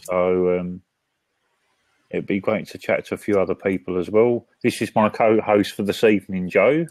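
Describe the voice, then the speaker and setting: A British man hosts a casual live-stream chat from his front room at home. His voice sits low, and the sound is dry and close. He talks in a hesitant way, restarting his sentences and filling gaps with ums. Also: little pitch movement, darkish tone, dry recording. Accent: British English. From Britain. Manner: hesitant, halting with restarts and fillers. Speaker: host.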